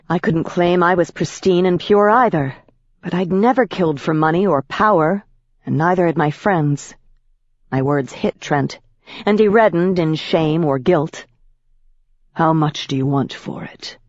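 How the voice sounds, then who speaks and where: Low-voiced, intense woman narrating an audiobook. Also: animated, normal speed, dry recording, muffled recording. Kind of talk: first-person audiobook narration.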